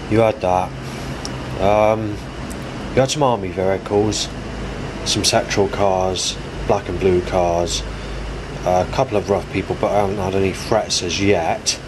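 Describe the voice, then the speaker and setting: The voice is low, and the background is noisy. He's a vlogger in his forties speaking to camera outside in a rambling, repetitive monologue, frequently restarting and doubling back on his own words.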